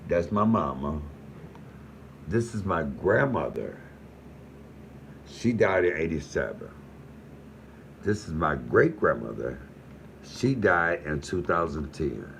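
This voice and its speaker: A man's voice: a bass voice, big pitch swings, slow, vocal fry, pauses often, a little hiss or hum, low-quality recording. A man in his fifties talking casually and profanely, getting heated. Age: 50s. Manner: profane, heated, rising to shouting on the phone. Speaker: comedian host. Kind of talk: casual emotional monologue.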